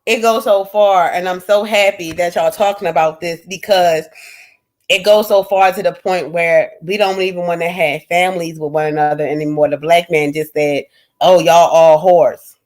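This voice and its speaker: A woman holds forth on a livestream. She is blunt and profane, swearing freely as she talks to her chat. Her voice swings between loud bursts and low asides. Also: fairly even intonation, moderate pace. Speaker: livestream host. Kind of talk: casual livestream rant.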